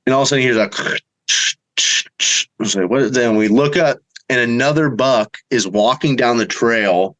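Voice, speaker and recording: Animated man telling a hunting story. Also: rough recording. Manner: animated, acts out quotes with jumps in pitch. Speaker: bowhunter guest. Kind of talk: casual storytelling.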